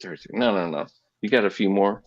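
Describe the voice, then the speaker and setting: A man's voice: on the low side, fast talker, no room sound. A man in his thirties in casual chat, giving blunt advice and swearing freely. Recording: dull lo-fi sound.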